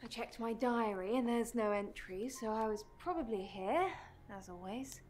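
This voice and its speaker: A woman's voice: a little high, moderate pace, darkish tone, a little hiss or hum, natural voice. An actress playing a guarded woman fending off questions in a video game, defensive and weary.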